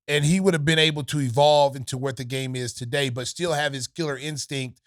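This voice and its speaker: A man's voice: medium pitch, steady tone, brisk, fairly bright tone, no room sound. A man hosting a sports podcast in casual chat, emphatic and repeating words as he builds his point, in a podcast studio. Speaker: podcast host.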